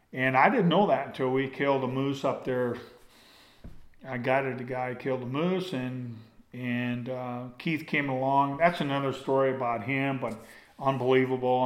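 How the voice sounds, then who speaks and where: Older guy drawling out an old hunting story real slow, folksy, wanders off on tangents, echoey room. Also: mid-range voice. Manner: digressive, folksy, trails off and circles back. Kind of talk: rambling personal storytelling. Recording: roomy echo.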